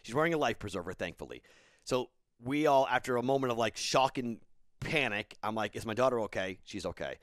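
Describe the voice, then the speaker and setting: A man's voice: medium pitch, animated, brisk, fairly bright tone, no room sound, clean studio sound. A man in his thirties, a podcast host, telling a casual rambling story and then giving betting picks, tired and self-correcting.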